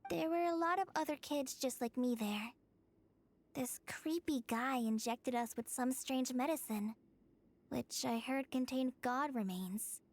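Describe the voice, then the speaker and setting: A woman voicing a gentle, earnest young female ranger in a video game, speaking softly. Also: high voice, a little slow.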